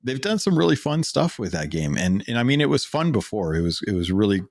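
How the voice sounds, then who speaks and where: Podcast co-host, male, low voice, loose rambling chat, dry booth sound. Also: sing-song, fairly quick, a little mellow, no room sound. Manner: rambling, many fillers and restarts. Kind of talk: casual gaming chat.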